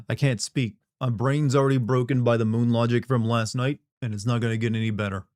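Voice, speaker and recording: A man's voice: mid-range voice, steady tone, fairly quick, darkish tone, no echo, studio quality. A young man live-streaming a game, rambling casually and joking with viewers, with a profane, self-mocking way of talking.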